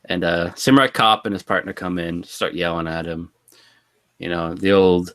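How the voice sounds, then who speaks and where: A man co-hosting a casual podcast, recounting a movie's plot in a relaxed way with frequent laughs. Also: low voice, normal speed. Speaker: podcast co-host. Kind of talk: casual movie commentary chat.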